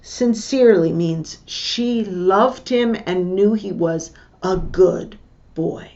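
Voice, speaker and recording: A woman teacher reading a book passage aloud and stopping to explain what words mean, in a slow, deliberate way. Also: on the low side, creaky, mellow, muffled recording. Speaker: English teacher.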